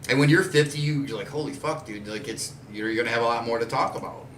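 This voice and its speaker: A mid-range voice with a fairly bright tone moves fast as a man in his forties hosts a podcast. He's blunt and rambling in casual conversation, swearing often. Slight background noise comes through a roomy, distant recording with faint ambience.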